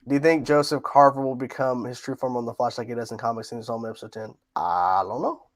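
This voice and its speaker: A man speaks quickly in a steady, mid-range tone. He's hosting a casual livestream, taking viewer questions and replying in a talkative way that repeats itself, punctuated by frequent laughs.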